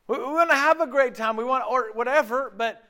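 A man's voice: very high voice, brisk, bright, forceful tone. A man preaching a sermon in a casual, conversational way, peppering his points with rhetorical questions and acting out quoted voices. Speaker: pastor.

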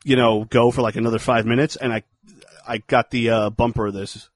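A man's voice: medium pitch, little pitch movement, fairly quick, dry recording. A man from the New York area co-hosting a casual film commentary podcast, rambling, joking and swearing freely. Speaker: podcast co-host.

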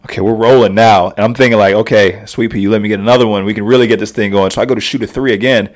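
A man in his thirties, a podcast guest telling stories in an animated way and laughing often. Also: on the low side, racing. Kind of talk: casual storytelling.

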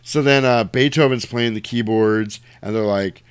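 A man casually retelling a comedy film for a podcast, acting out the lines in high put-on voices and laughing often. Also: moderate pace, smooth, no echo. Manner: animated storyteller, acts out quotes in high voices, laughs often. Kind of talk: casual movie recap chat.

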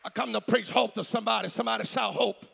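A male pastor preaching a sermon in a church, shouting in a rhythmic chant with an "uh" between phrases. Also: high voice, fairly even intonation, fast, creaky, husky, some chatter behind. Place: church sanctuary.

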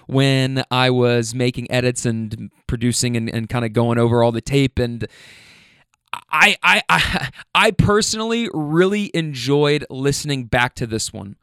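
A man's voice: mid-range voice, expressive, unhurried, a bit bright, smooth, dry recording, clean studio sound. A man hosting his own podcast, introducing the episode in a casual, enthusiastic and slangy way, rambling with restarts. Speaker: podcast host.

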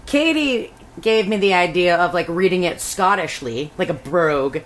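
A woman's voice: on the low side, lively intonation, moderate pace. A woman co-hosting a casual podcast in a laid-back, dry way. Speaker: podcast co-host. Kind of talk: casual chat.

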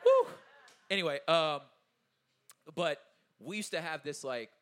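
A man in his thirties giving a casual, animated talk to an audience, often checking in with his listeners and laughing as he goes. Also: a little high, slow, clear, resonant tone. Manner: loose, informal phrasing with laughs. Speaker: artist speaking at a talkback.

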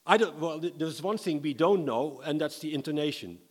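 Guy preaching, playful and lively, bit higher voice, hall reverb all over it. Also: brisk, husky. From Netherlands. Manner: lively, humorous, dramatic scripture reading. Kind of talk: sermon.

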